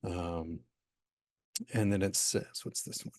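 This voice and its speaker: A man leading an online workshop, answering participants' questions in a relaxed, rambling way with many fillers and restarts, over a video call from his home office. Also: sits low, slow, long pauses, no echo, clean studio sound. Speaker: workshop facilitator.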